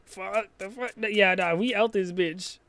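A man playing a game and commenting on it, joking and swearing a lot with sudden loud outbursts. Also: sits high, steady tone, measured pace. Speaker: gaming channel host. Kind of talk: let's play commentary. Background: game music.

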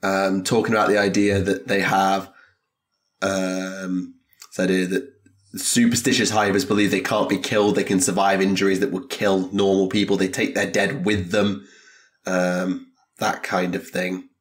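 A man co-hosting a podcast, explaining things in a measured, hesitant way in casual chat. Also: sits low, flat delivery. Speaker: podcast co-host.

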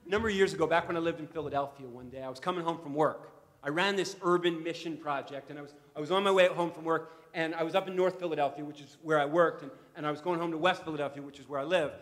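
Animated man telling a story in a hall. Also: fairly high pitch, fast. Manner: animated, repeats words when starting sentences. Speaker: guest speaker. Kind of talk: storytelling talk to an assembly. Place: assembly hall.

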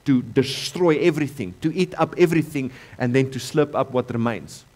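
With a mid-range voice and few pauses, this pastor keeps a moderate pace through his church sermon. He has a South African accent, repeats key phrases, and moves back and forth between loud emphasis and quieter moments.

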